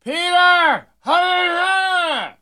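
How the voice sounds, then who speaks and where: A man putting on a shrill dying holy man. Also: animated, slow, sharp tone, no room sound, clean studio sound, exaggerated voice. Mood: exclaiming. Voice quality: shrill, exclaiming.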